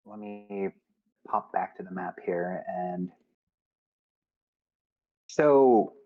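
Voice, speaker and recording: Slow, hesitant male game master narrating a tabletop game; dull lo-fi stream audio. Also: sits low. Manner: slow, hesitant with many fillers.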